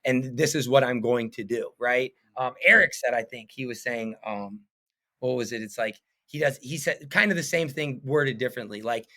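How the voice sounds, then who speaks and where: A man in his thirties who runs a painting business guests on a podcast, his casual interview talk earnest, wandering, and thick with fillers. He speaks at a normal pace in a mid-range voice with a sharp tone.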